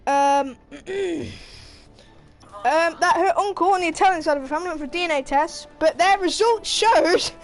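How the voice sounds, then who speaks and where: A young woman streamer reading out a news story while gaming, animated and sweary, laughing as she goes. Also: very high-pitched, normal speed. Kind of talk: casual commentary while gaming.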